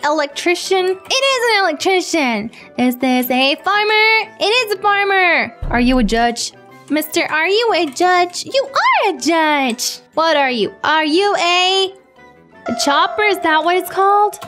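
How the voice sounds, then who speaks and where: A woman's voice: very high-pitched, measured pace, soft background music. A woman whose first language is Dutch, playing a guessing game on camera and cheering at her answers. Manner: excitable, gasping and cheering, talks to the screen. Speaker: gaming YouTuber.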